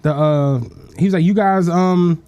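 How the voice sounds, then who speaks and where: A man from Philadelphia telling a story on a casual podcast, profane and animated. He acts out every quote, and his voice jumps high when he laughs. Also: a little slow, dry recording, dull audio. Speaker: podcast co-host.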